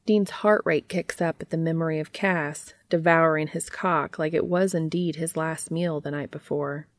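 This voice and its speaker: A woman reading fan fiction aloud in a steady, intimate storytelling manner. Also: sits low, moderate pace, no room sound.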